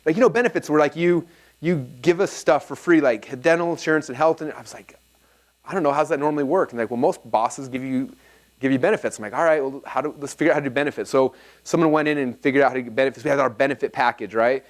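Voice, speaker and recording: A man in his thirties giving an energetic seminar talk, telling anecdotes and acting out both sides of the dialogue. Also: mid-range voice. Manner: fast, animated storytelling, acts out dialogue. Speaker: speaker at a live seminar.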